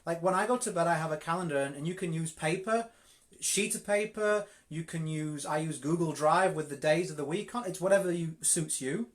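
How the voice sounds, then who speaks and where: In a brisk, fairly high voice, a Yorkshire man delivers a live-streamed coaching talk on network marketing. He's direct and emphatic, often repeating words to drive a point home.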